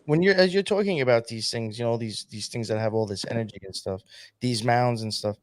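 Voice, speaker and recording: A man's voice: mid-range voice, a little fast, no room sound. A man hosting a podcast and reading chat, rambling with many fillers. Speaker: podcast host.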